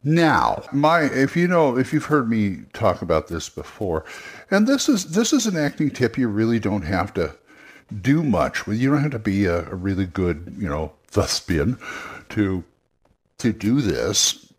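Low-voiced man with lively intonation. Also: a little slow, breathy edge. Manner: rambling, with frequent restarts. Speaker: podcast host, game master. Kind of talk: casual podcast talk.

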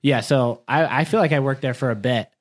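A man co-hosting a casual chat, telling a relaxed, self-deprecating story. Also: medium pitch, brisk. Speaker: podcast co-host.

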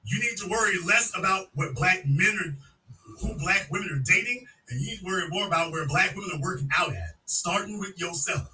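A man's voice: high-pitched, lively intonation, a little fast, sharp tone. A man hosting a call-in show, mocking and insulting a caller and talking over her. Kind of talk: combative call-in talk. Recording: voice distant from the mic.

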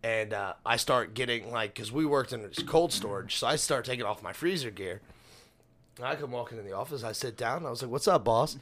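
A man's voice: medium pitch, a little fast, a bit bright. A young man co-hosting a podcast, telling a work story bluntly and swearing freely in casual chat. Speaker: podcast co-host.

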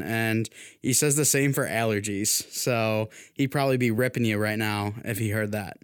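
A man hosting a casual sports podcast, chatting in a relaxed way and laughing easily. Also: mid-range voice, normal speed, smooth, dry recording, studio quality. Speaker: podcast host.

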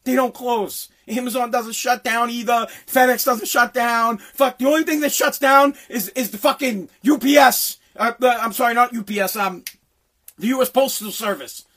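A man ranting angrily, swearing constantly and often breaking into shouts. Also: very high voice, fairly even intonation, normal speed. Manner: profane, heated, often shouting. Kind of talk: angry political rant.

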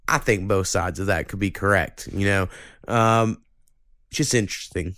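A man's voice: fairly low pitch, moderate pace, smooth, no echo, clean studio sound. A man hosting a podcast, chatting casually and ranting with lots of swearing. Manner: profane, ranting, animated when annoyed. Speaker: podcast host.

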